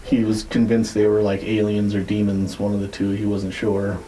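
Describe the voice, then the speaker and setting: Low mellow-voiced man telling a story. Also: monotone, moderate pace, slight background noise, low-quality recording. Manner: rambling, profane, many fillers. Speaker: podcast co-host. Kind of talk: casual storytelling.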